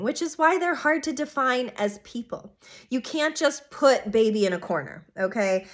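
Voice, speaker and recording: A woman astrologer with a voice on the high side delivers a casual weekly forecast straight to her viewers. Her delivery is emphatic and animated, though it sometimes drops to a soft hush.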